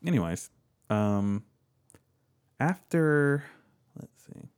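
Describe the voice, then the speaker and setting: A man's voice: mid-range voice, big pitch swings, very slow, darkish tone, clean tone. A man co-hosting a casual chat, reading facts aloud and riffing on them in a jokey, offhand way, swearing freely. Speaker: podcast co-host.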